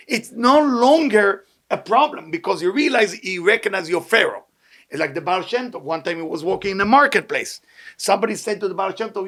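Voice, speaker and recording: A man teaching a Torah class, asking rhetorical questions and switching between English and quick Hebrew readings. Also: high-pitched, expressive, a bit bright. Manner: rhetorical questions, self-mocking asides. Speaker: Kabbalah teacher.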